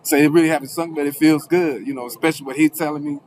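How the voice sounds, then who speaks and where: A man's voice: a little high, steady tone, very fast, darkish tone, a little hiss or hum. Man telling a rambling personal story. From Alabama, USA. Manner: rambling, with restarts, acting out quoted people in a raised voice. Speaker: former defendant telling his story. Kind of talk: casual spoken storytelling.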